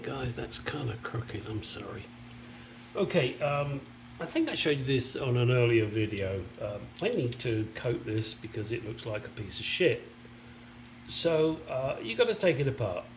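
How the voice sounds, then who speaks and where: Male hobby mechanic, vlog, chatty and crude, mid-pitched voice, faint hum behind. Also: lively intonation, measured pace. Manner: chatty, joking, crude asides; talks while working with tools. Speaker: car restoration vlogger. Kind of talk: casual workshop vlog. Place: home garage workshop. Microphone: camera mic on a stand nearby.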